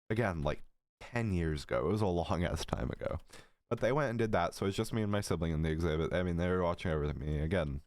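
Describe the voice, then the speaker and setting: A young man in his late teens with a slightly low voice tells a story on a casual vlog. He rambles, fills his sentences with fillers, and swears freely. The recording is dry and close. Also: no echo. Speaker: vlogger.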